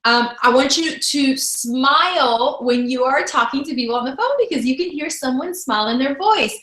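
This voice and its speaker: A woman's voice: high voice, lively intonation, moderate pace, fairly bright tone, echoey room, rough recording. A woman teaching a sales training class on video, upbeat and emphatic, often repeating her key lines. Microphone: camera.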